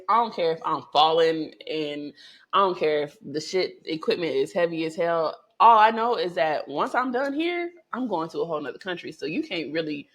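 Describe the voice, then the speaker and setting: A woman vlogger chats straight to her viewers in a loose, profane storytelling style. Her voice jumps up in pitch and volume when she gets excited, then sinks low and quiet for asides. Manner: animated, profane, chatty storytelling with swings in pitch and loudness. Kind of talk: casual storytelling to camera.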